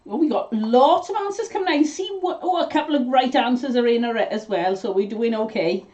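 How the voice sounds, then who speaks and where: A woman's voice: fairly high pitch, expressive, brisk, warm tone, lo-fi sound. A British woman co-hosting a live show, fondly reading out viewer comments and showing gifts. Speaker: co-host of a live mudlarking show. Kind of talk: casual live-stream chat.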